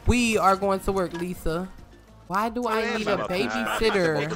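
A woman giving casual let's-play commentary, animated and joking, swearing freely and scolding the characters on screen. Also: mid-range voice, measured pace, over music. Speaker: gaming streamer.

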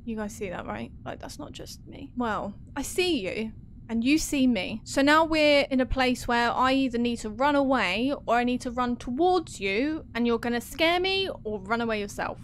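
Playing a horror game, this woman streamer mutters to herself and startles easily, letting out swears and screams. Her fairly high voice is expressive and moves at normal speed, with a slight hiss or hum in the audio.

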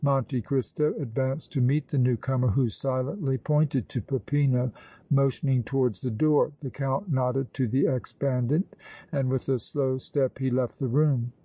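Male audiobook narrator, measured, mellow dark tone. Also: medium pitch, no room sound, far from the mic, muffled recording. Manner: measured, even reading. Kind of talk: scripted narration.

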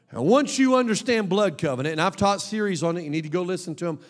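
Brief: high-pitched male pastor, emphatic sermon delivery, long church-hall reverb. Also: very animated, a little fast, few pauses. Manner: emphatic, swings between soft asides and loud exhortation. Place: church sanctuary.

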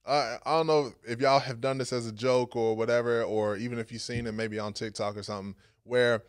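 A man's voice: mid-range voice, brisk, dry recording. A young adult man preaching a casual, conversational sermon to a young adult ministry. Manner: animated, conversational, with casual fillers.

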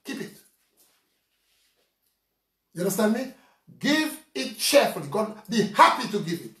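Saint Lucian male preacher, animated conversational sermon, picked up from a distance in a roomy space. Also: sits high, normal speed. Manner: lively, conversational preaching with rhetorical questions. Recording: roomy sound from off mic.

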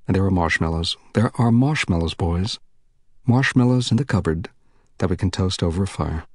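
A man voicing a soft-spoken, coaxing middle-aged stranger in a gentle, friendly manner. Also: sits low, normal speed, no room sound, studio quality.

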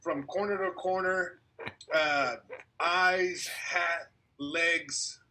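A man's voice: fairly high pitch, fairly even intonation, very slow, bright, forceful tone. A young man and comedian guest telling a long story in casual podcast chat over a video call, acting out quotes and laughing along the way.

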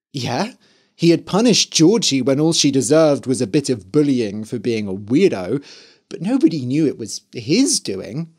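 A man narrating a scripted story for learners, slowly and expressively. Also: a little high. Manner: slow, clear and expressive.

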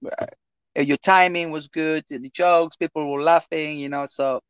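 A man from South America, a clown and guest on a chat show, who talks earnestly in halting phrases and repeats words. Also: on the high side, steady tone, clean tone, no echo, lo-fi sound. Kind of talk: casual chat.

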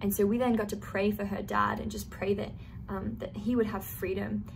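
A woman's voice: medium pitch, level tone, moderate pace, vocal fry, a little hiss or hum. A young woman telling a personal faith testimony in an earnest, storytelling way, with casual fillers. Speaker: youth testimony speaker.

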